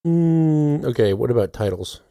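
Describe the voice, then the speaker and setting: Chill guy hosting a podcast, laughs a lot, slow talker, dry sound. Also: medium pitch, animated, warm tone, no echo. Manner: giggly, laughs often between remarks. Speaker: podcast host. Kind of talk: casual podcast chat.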